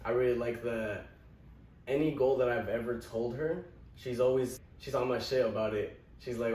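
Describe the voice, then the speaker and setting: A man recounts a story in a relaxed, animated way, laughing through his words. His voice sits at an ordinary pitch. He is caught from a distance in an echoey room with faint background noise. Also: normal speed. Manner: animated anecdote, often laughing mid-story. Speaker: podcast guest. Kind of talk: casual storytelling chat.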